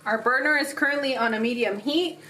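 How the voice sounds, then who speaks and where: A woman's voice: high voice, fairly quick, sharp tone, a little hiss or hum. A woman hosting a home cooking show, walking through a recipe step by step in a playful, chatty way, laughing often, recorded in a home kitchen. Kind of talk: cooking demonstration.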